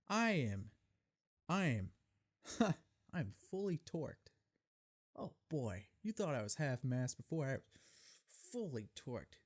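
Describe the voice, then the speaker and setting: A young man hosting his own podcast, telling a story in a profane, exasperated, animated rant. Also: a little high. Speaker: podcast host. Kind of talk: solo comedic storytelling rant.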